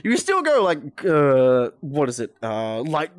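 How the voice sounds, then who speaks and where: A man's voice: a little high, huge pitch swings, takes it slowly, dry recording. Giggly Australian man streaming. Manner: giggly, laughs often, reads chat aloud. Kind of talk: casual live-stream chat.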